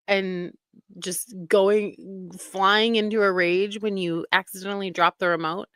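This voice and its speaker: A woman's voice: mid-range voice, fairly even intonation, unhurried, a bit bright, clean tone, dry recording. A woman hosting a casual commentary show, talking in an indignant, emphatic way. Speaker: commentary host.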